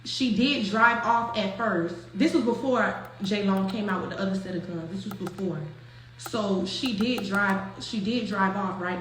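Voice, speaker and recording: A young woman telling a story to her viewers in an animated, profane, slangy way, with many restarts. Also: mid-range voice, slight background noise. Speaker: storyteller recounting a night out. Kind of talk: casual storytelling to an online audience. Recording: roomy echo.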